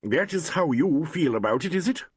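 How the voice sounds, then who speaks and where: A man's voice: fairly high pitch, lively intonation, normal speed, husky, dry recording, voice pushed up. A man voicing an uncomfortable, evasive actor who hesitates mid-sentence in a storybook mystery.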